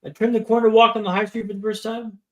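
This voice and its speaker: In an echoey room, a podcast guest in his thirties tells his story with drama and color, often checking in with "right?" His voice is high with little pitch movement, and he talks quickly.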